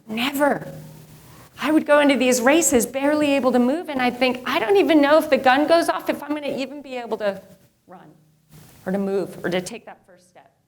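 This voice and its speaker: A woman's voice: high-pitched, fairly quick, slight background noise. A woman giving a keynote talk to a live audience, telling a story and acting out the quotes in it. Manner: animated, acts out quotes in her story. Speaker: motivational speaker. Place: stage before a live audience.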